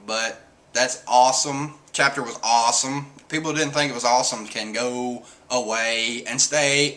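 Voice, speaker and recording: A man's voice: medium pitch, sharp tone. A man, casually reviewing a comic chapter in a rambling, filler-heavy way. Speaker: manga reviewer.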